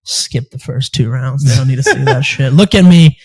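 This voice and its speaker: A young man hosting a casual chat, telling animated stories, laughing often and swearing casually. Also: medium pitch, normal speed, husky, poor audio. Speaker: podcast host and amateur fighter.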